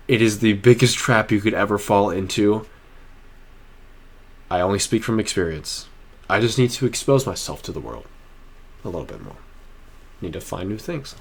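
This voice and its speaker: A young man with a somewhat low voice talks into his computer mic in a personal vlog. He rambles and restarts his sentences, but stays earnest and heartfelt as he works through his thoughts. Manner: rambling, emotional, restarts often. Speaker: vlogger.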